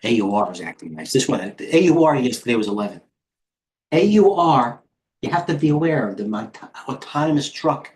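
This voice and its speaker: A man's voice: medium pitch, big pitch swings, a little fast, a little mellow. A man, hosting a live trading stream in brash, rambling commentary that reads out chat and lets slip swear words. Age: 50s. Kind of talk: casual live market commentary.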